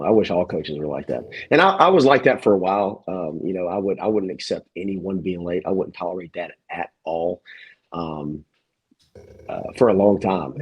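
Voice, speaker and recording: A man's voice: low-pitched, breathy edge, highs cut off. A man who owns a gym, talking as a podcast guest in a rambling, emphatic way with many restarts. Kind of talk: casual interview chat.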